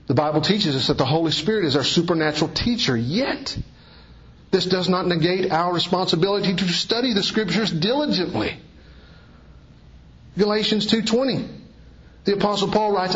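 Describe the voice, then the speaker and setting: A man's voice: on the high side, fairly bright tone, lo-fi sound. A man preaching an expository sermon, his voice swelling on key phrases. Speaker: pastor.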